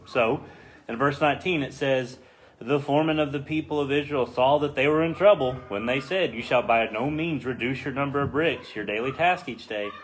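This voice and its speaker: Man, Bible study leader, animated, acts out quotes, faint background noise. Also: medium pitch, moderate pace. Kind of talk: casual Bible study teaching.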